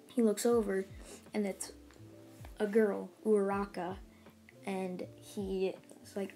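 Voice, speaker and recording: Woman, casual storyteller, mellow tone, rambling with fillers, faint music behind. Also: medium pitch, flat delivery, slow, long pauses. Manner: rambling, many fillers and restarts. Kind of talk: casual retelling of a fan story.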